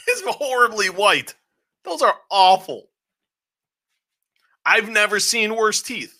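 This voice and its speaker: Bright-voiced man rambling through a review. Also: high voice, slow. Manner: rambling, animated recaps with frequent swearing. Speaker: podcast co-host. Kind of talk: casual show review chat.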